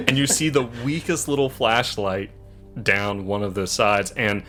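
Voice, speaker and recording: A man narrating a tabletop game as game master, describing scenes in an animated way. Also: fairly low pitch, a little slow, soft background music.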